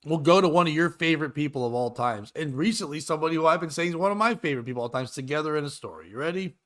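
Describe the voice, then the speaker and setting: A man's voice: a little high, very fast, fairly bright tone. A man hosting a comedy podcast, joking through casual banter and laughing often. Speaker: podcast host.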